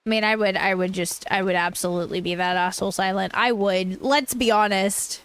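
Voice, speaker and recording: A woman's voice: medium pitch, fairly even intonation, brisk, fairly bright tone, smooth. A woman streamer chatting casually and enthusiastically while playing a game. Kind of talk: casual chat while gaming.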